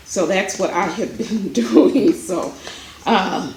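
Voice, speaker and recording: A woman's voice: on the low side, expressive, slow, roomy sound, background noise. A woman vlogging from home in a chatty, rambling way, out of breath. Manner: chatty, rambling, many fillers. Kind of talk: casual chat. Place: home, indoors.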